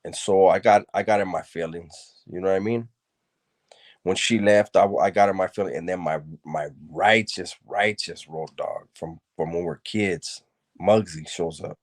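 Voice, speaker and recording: A man's voice: deep voice, normal speed. A man telling a personal story from his past in a loose, casual way, full of street slang and repeated words.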